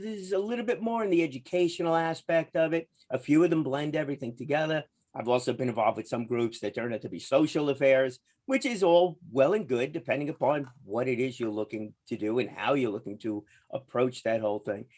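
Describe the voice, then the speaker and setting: A man's voice: medium pitch, brisk, few pauses, a little mellow. A man hosting an interview show, talking in a chatty, rambling way and laughing easily. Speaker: podcast host.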